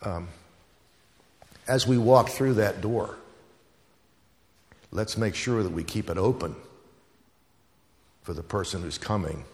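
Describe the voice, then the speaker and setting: Guy pastor giving a sermon, kinda low voice, long echo like a big church hall. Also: slow, long pauses. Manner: storytelling preacher with repeated emphatic phrases.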